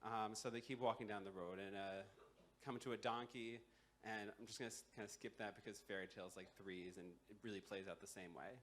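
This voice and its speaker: A man's voice: lowish voice, steady tone, brisk, fairly bright tone. A young man telling a folktale live at a campus show, casual, with many fillers and wry asides. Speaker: storyteller. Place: live university culture show.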